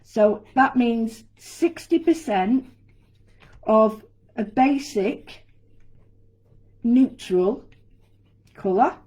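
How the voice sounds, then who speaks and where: A woman's voice: a little high, expressive, very slow, pauses often, mellow, low-quality recording. A woman giving a chatty, step-by-step live craft demonstration from an indoor studio. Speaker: guest designer demonstrating a craft.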